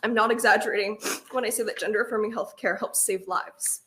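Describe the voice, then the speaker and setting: A woman's voice: medium pitch, steady tone, quick pace, sharp tone. A young woman delivering prepared testimony at a hearing, earnest and firm as she cites studies. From Nebraska. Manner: earnest, firm, reading citations.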